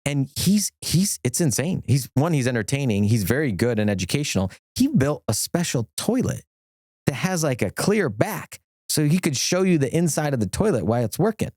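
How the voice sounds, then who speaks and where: A middle-aged man, an attorney, chatting as a podcast guest, enthusiastic and rambling with quick restarts. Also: medium pitch, very animated, darkish tone, no echo, studio quality. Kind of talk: casual podcast conversation.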